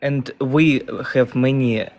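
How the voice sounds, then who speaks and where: A man calling into a debate show, halting and hesitant. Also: mid-range voice, steady tone, darkish tone. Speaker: caller.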